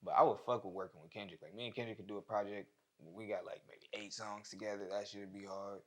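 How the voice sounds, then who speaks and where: Low and laid-back, a young rapper's steady voice runs on slang through an unhurried, casual chat, with many of his lines softly tapering away.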